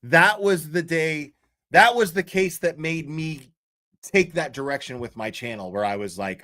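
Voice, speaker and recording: A man's voice: fairly high pitch, unhurried, sharp tone. A man telling a story on a livestream in a blunt, profane way, with many fillers and restarts. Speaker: true crime commentary streamer. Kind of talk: casual livestream commentary.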